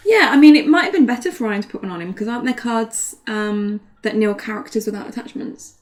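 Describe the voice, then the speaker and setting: A woman, her voice sitting a little high, talks a card game through as co-commentator. She is chatty and self-deprecating and laughs easily. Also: expressive, fast.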